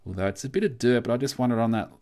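A man with an Australian accent hosting a casual coin collecting livestream, chatting in a relaxed way and reading out viewer comments. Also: mid-range voice, racing. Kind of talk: casual live-stream chat.

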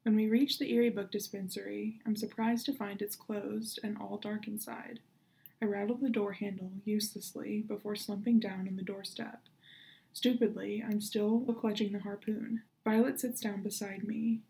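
Woman, librarian, reading a children's novel aloud, steady, mellow, gravelly. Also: medium pitch, moderate pace, low-quality recording.

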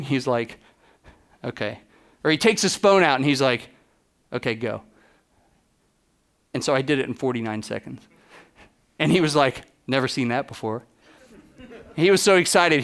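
A man giving a keynote talk as a photographer, telling lively anecdotes and acting out the exchanges he quotes. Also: medium pitch, clear, resonant tone. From United States. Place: conference stage.

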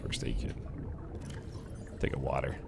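A man's voice: unhurried, heavy background noise. A man streaming a video game live, chatting casually and rambling between remarks on the game. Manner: chatty, rambling, jumps to loud yelps when startled.

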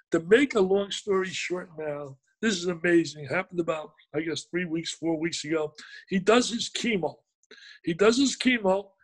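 An older man telling an emphatic, excitable story as an interview guest, repeating words for effect. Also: high voice, slightly rough, poor audio.

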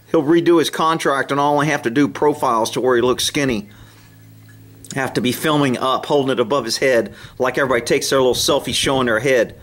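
A man filming his horses outdoors, joking and talking in high baby talk to them. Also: fairly bright tone. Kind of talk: casual vlog commentary. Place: outdoors at a pasture.

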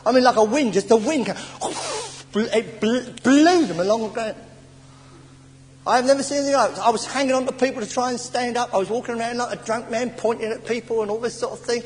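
A high-pitched English man preaches in a church hall, his voice trailing into a long reverb. He tells stories with stammers, sighs and sudden drops to near murmurs. Faint hiss sits under the old tape. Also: fast. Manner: animated storytelling with stammers and sighs. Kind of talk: sermon.

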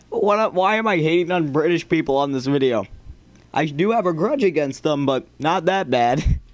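A young man giving casual gameplay commentary as a gaming YouTuber, joking and rambling, then shouting at the game. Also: a little high, animated, normal speed, dry recording.

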